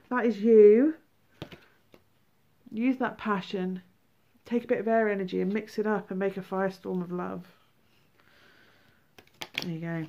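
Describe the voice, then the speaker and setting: A woman giving a tarot reading, animated, exclaiming and acting out feelings. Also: mid-range voice, creaky, highs cut off. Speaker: tarot reader.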